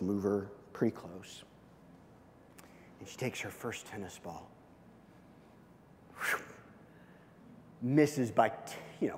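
A man preaching through a story, lively at times and dropping to a hushed near-whisper at the tender moments. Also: on the low side, slight background noise. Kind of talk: storytelling sermon. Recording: long hall reverb.

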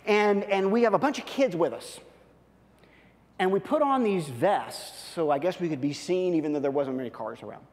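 Animated preacher man in a reverberant hall. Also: sits high, normal speed. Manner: animated, storytelling with many restarts. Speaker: pastor. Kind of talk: sermon with storytelling.

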